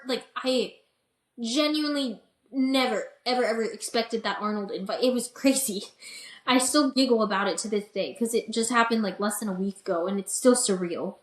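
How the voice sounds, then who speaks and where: A young adult woman, an interview guest and bikini competitor, telling her story in a chatty, animated way with lots of "like" and "you know". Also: on the high side. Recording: roomy echo.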